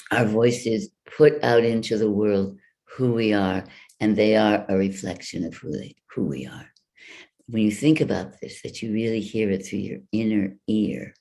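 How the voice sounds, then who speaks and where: A woman voice coach giving an online workshop over a video call, speaking in a deliberate, instructive way. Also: extremely low pitch, a little mellow. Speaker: voice and wellness coach.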